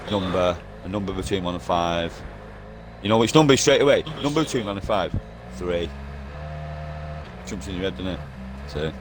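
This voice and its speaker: There is background noise as a man with a low-sitting voice talks nonstop in an online game voice party. Using a gaming headset, he rambles conspiratorially and swears heavily.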